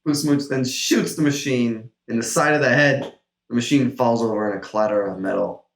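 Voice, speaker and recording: A man hosting a gaming channel, reading an AI adventure story aloud in an animated way. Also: medium pitch, normal speed, vocal fry. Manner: animated, breaks into laughter. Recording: roomy echo.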